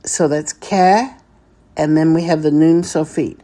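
Slow, mellow woman teaching. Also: low-pitched, fairly even intonation. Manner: deliberate, repeats each word for practice. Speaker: Hebrew teacher. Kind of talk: slow vocabulary lesson.

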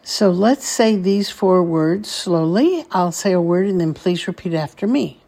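A woman's voice: fairly low pitch, lively intonation, a little slow, vocal fry, mellow. A woman teaching a Hebrew blessing phrase by phrase, patiently asking listeners to repeat after her. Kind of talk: slow call-and-repeat instruction.

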